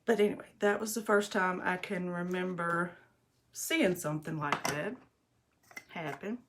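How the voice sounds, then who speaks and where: A woman's voice: fairly low pitch, unhurried, background noise. A middle-aged woman, telling stories in a rambling, chatty way to viewers while doing her makeup at home. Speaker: livestream host. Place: bathroom at home.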